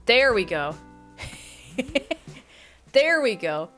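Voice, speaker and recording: A woman streaming a video game, chatting casually and gushing, often dropping into excited whispers. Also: on the high side, a little slow, pauses often, soft background music.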